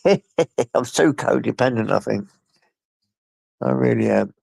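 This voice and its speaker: Gravelly man with a blocked nose. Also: mid-range voice, slow, pauses often, darkish tone, no room sound. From England. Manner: chatty, rambling, talks to his pets between chat. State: blocked nose, coming down with flu. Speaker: livestreamer. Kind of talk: casual live stream chat. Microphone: phone.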